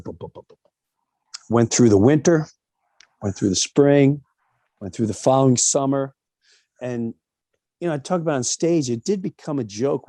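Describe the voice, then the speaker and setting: A middle-aged man, appearing as an interview guest, tells personal stories in an animated way. He acts out other people's voices with big jumps in pitch, and there's no room sound.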